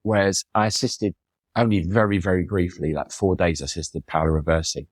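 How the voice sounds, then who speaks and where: Speaking fairly quickly in a low, steady voice, a middle-aged photographer shares chatty, enthusiastic stories as a podcast guest. He drops into acted quotes now and then, and the sound is clean studio audio with no echo.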